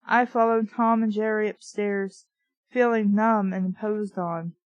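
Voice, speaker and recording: A woman's voice: medium pitch, fairly even intonation, a little slow, no room sound, lo-fi sound. Dry-voiced woman reading a novel. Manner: dry, sarcastic interjections. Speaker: book reviewer reading aloud. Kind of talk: comic reading of a novel with sarcastic asides.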